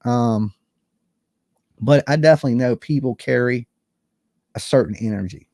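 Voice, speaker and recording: A man's voice: medium pitch, moderate pace, warm tone, no echo, clean studio sound. Blunt, profane man chatting casually on stream. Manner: blunt, profane, conversational, reads chat comments aloud. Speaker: true crime channel host. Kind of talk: casual livestream chat.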